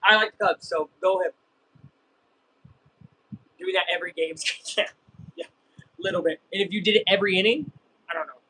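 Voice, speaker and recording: A young man casually chatting and reacting while streaming a live baseball game, rambling and breaking into excited yells. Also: high-pitched, moderate pace, gravelly, long pauses, a little hiss or hum, low-quality recording. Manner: rambling, self-interrupting, bursts of excited yelling. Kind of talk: casual live game watch-along chat.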